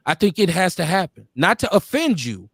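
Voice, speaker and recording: A middle-aged man hosts a loose live talk show in a high, animated voice, jumping up and down in pitch whenever he quotes someone. The sound is close and dry, with no room around it. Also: normal speed, husky, no room sound. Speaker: radio show host.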